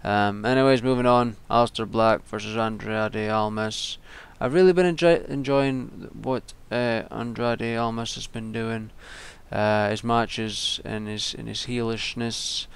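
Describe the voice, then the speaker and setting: A man's voice: fairly low pitch, fairly even intonation, measured pace, gravelly, hardly any pauses, clear, resonant tone. A young man giving casual, rambling solo commentary, with frequent ums and restarts. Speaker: wrestling vlogger.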